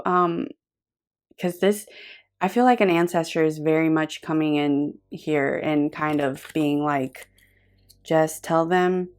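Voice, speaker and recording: Earnest low-voiced woman tarot reader. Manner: earnest, effusive and intuitive, with frequent pauses and restarts. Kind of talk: pick-a-card tarot reading.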